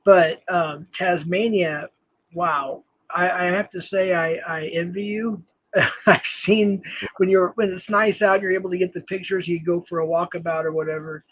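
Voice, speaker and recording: A man's voice: sits high, fairly even intonation, normal speed, a bit bright, poor audio. A man from New Mexico hosting a casual live-stream chat, rambling with many fillers and self-corrections and chuckling often. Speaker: host.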